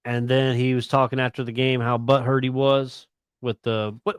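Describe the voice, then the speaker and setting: A man's voice: mid-range voice, little pitch movement, moderate pace, clean tone, dry recording. A man co-hosting a sports radio show, blunt and opinionated as he rants about games. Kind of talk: casual sports chat.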